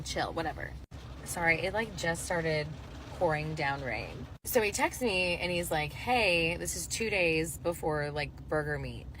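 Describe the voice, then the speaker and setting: A woman's voice: fairly low pitch, a bit bright, a little hiss or hum, poor audio. A young adult woman telling a dating story casually, full of chatty "like" fillers.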